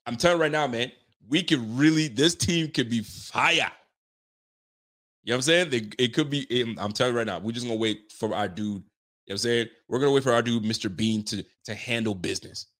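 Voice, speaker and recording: A man with a mid-range voice chats through a casual football stream, reading what viewers comment. He laughs, swears, and gets excited, talking fast with plenty of slang.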